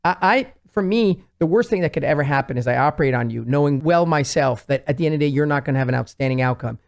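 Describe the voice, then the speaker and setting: A fast-talking man with a slightly high voice tells stories about his patients on a talk show. He is animated and acts out their lines as he goes, like a surgeon on a studio mic. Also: gravelly. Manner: animated storyteller, quotes patients in lively voices. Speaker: plastic surgeon, show regular. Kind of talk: casual talk-show conversation.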